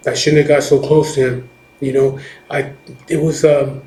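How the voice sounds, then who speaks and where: A middle-aged man, a biker, tells a story in rough, profane, rambling talk, circling back over his words. His voice sits at an ordinary pitch and bounces off the walls of an echoey room. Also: level tone, normal speed, mellow. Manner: profane, rambling, with many restarts and "you know what I mean". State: recovering from chemotherapy. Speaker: biker telling a personal story. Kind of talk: casual storytelling.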